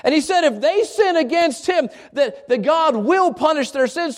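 Brief: male pastor, strikingly high voice, animated folksy sermon storytelling. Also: moderate pace, hardly any pauses. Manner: animated, folksy, many restarts.

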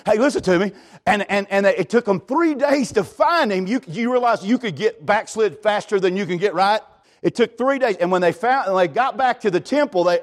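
A male pastor, preaching a sermon in a folksy, animated way and often calling out to the congregation. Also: sits high, brisk. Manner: folksy, animated preaching with repeated "hey, listen to me".

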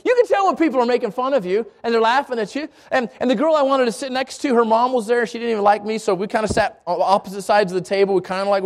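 Man, high voice, pastor, sermon, storytelling, repeats words, middle-aged. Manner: storytelling with many restarts and stammers.

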